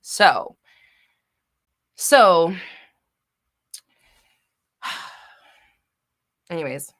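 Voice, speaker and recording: A young adult woman hosting a live manifestation Q&A chat, expressive and loud, who swears freely and slips into shouty rants. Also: lowish voice, drawn-out words. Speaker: manifestation channel host.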